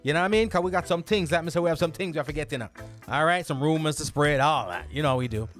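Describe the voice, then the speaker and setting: A man with a Jamaican accent hosting a radio and podcast show, energetically rattling off greetings and shout-outs to listeners. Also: fairly high pitch, fast talker, soft background music.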